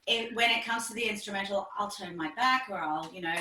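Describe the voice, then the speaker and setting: A woman's voice: mid-range voice, fairly quick, sharp tone, echoey room, recorded from a distance, rough recording. A woman vocal coach explaining technique in a conversational interview, with many fillers and frequent laughs.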